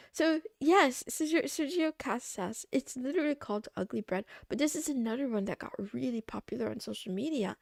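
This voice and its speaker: Young woman streamer rambling to chat, kinda high voice w/ lots of fry, dry close sound. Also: a little mellow, no echo. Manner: rambling, curious, thinks aloud, trails off. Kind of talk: casual livestream chat.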